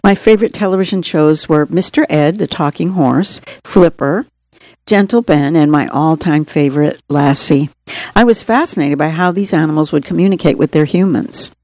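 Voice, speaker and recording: A woman's voice: deep voice, normal speed, a little mellow, no room sound. A middle-aged woman narrating her own memoir as an audiobook in an earnest, straightforward storytelling manner.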